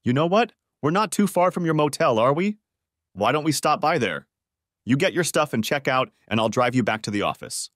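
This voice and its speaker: A man's voice: medium pitch, lively intonation, fairly quick, fairly bright tone, dry recording, clean studio sound, voice pushed up, lightly acted. A man narrating an audiobook, voicing an upbeat, scheming young woman in a raised, coaxing voice.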